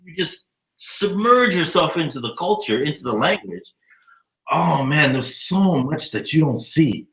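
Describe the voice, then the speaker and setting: A man in his fifties, an educator living abroad, telling stories in a casual, profane, animated way during an interview. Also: a little high, measured pace, roomy sound, rough recording. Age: 50s. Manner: animated, profane storyteller acting out dialogue.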